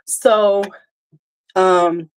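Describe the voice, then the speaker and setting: A woman hosting a relaxed livestream who talks straight to her audience. Her speech is casual and animated, with frequent "right?" and "y'all". She sits at a middle pitch and her tone stays loose and conversational. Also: very slow, clean tone, soft background music. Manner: chatty, animated, talks to viewers directly. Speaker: livestream host.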